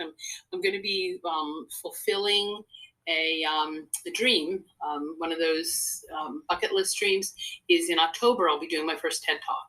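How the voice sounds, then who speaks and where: As a guest in a casual interview, an older woman who works as a psychotherapist and speaker tells stories in an earnest, wandering way. She speaks with a bright, forceful voice pitched slightly low for a woman, over a rough recording.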